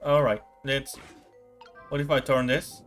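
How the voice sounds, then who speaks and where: A man's voice: mid-range voice, flat delivery, a little slow, a bit bright, faint music behind. A young man streaming a game playthrough, reading narration and adding casual, jokey asides.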